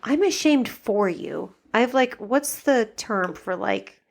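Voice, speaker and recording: A woman's voice: fairly high pitch, animated, takes it slowly. A young adult woman co-hosting a podcast in casual chat, blunt and incredulous, swearing freely. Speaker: podcast co-host.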